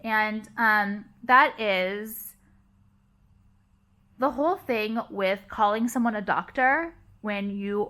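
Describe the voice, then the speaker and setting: Bright-voiced woman ranting heatedly. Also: fairly high pitch. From Los Angeles area. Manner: heated, profane, emphatic ranting. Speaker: vlogger. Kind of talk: casual rant to camera.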